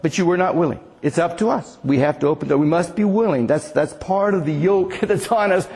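A man preaching a sermon in an earnest, chuckling way, quoting Jesus in a gentle pleading voice. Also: fairly high pitch, a little fast, in a large hall.

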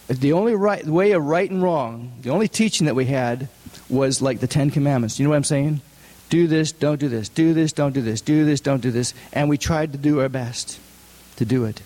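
A man preaching a sermon, putting questions to the congregation and stressing points with sharp rises in his voice. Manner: asks the congregation many questions, rises in pitch for emphasis. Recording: long hall reverb.

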